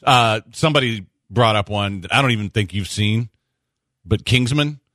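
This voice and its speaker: A man's voice: on the low side, normal speed, a bit bright, no echo. A man co-hosting a sports radio show in casual chat, with dry teasing wisecracks. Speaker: co-host.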